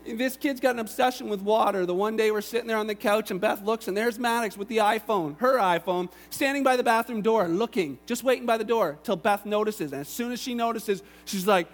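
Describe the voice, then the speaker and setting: A man in his thirties preaching a sermon, telling family stories in an animated, lively way. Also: sits high, a little fast, few pauses. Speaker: pastor. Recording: long reverb of a large hall.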